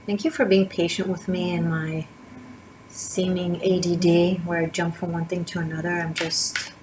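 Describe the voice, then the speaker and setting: A woman with a fairly low voice and little pitch movement talks at a moderate pace through a rambling tarot reading. Chatty and digressive, she leans on fillers and skips from topic to topic, indoors beside a street with faint sirens and motorcycles in the background.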